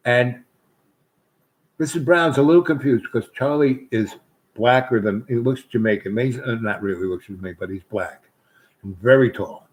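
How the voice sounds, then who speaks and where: A man's voice: medium pitch, normal speed, pauses often, low-quality recording. A man hosting his own show, telling a long, meandering story with many restarts and asides. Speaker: host. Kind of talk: rambling storytelling monologue.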